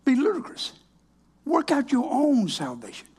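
A man's voice: very high voice, huge pitch swings, moderate pace, darkish tone, husky. An older man, a minister giving a folksy, plainspoken, wry personal testimony.

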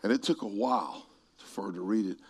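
A man with a lowish voice preaches a sermon at a fairly quick pace, telling stories and making asides to people in the room. His volume swings from hushed tones to shouts.

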